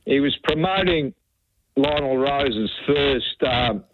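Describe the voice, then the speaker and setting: A man's voice: medium pitch, animated, slow, background noise. An older man with an Australian accent, calling into a radio show and chatting casually, rambling with lots of "you know"s. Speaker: caller. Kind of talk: casual radio call-in chat. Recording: tinny phone line.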